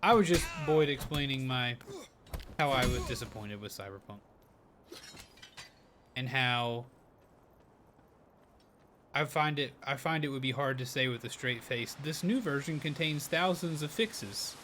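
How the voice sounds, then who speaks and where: A man's voice: medium pitch, a little slow, long pauses, fairly bright tone, a little hiss or hum. A man streaming live as he plays a game, chatting casually in a rambling, musing way, with hedges and bits of dry sarcasm. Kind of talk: casual chat while playing a game. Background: game music.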